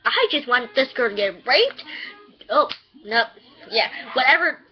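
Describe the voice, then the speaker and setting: A woman's voice: high-pitched, big pitch swings, unhurried, faint music behind. Chatty young-sounding woman, lo-fi. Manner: chatty, rambling, swears in outbursts. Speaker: anime reviewer. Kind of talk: casual rambling review. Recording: dull lo-fi home recording.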